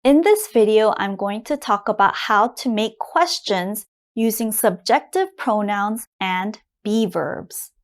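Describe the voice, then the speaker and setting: A young woman teaching beginner English grammar, reading example sentences slowly and clearly with exaggerated intonation. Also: mid-range voice, animated.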